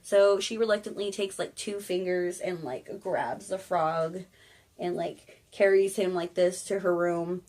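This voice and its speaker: A woman's voice: fairly low pitch, unhurried, darkish tone. A woman casually retelling an old fairy tale in slangy, irreverent talk that includes swearing. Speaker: storyteller.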